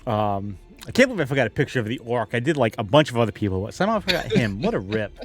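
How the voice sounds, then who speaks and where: Casting: relaxed man running a tabletop game, mid-pitched, soft music behind. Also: very fast. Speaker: game master.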